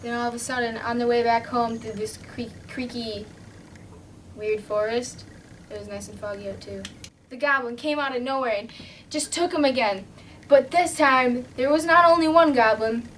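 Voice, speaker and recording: A girl improvising a playful, dramatic story with shouted sound effects, recorded from a distance. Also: on the high side, normal speed. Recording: distant mic, faint background hum.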